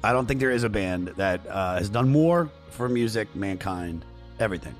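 A hoarse man hosts a podcast in loose, rambling chat, swearing freely and swinging his pitch widely. Faint music sits in the background. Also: expressive, moderate pace. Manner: loose, profane, rambling, self-promoting. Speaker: podcast host. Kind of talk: casual chat.

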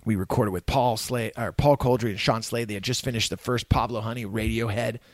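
Recorded with studio quality and no echo, a middle-aged Northern California man talks a little fast at medium pitch. He's a guest spinning stories in casual conversation, animated and foul-mouthed, performing the quoted dialogue as he goes.

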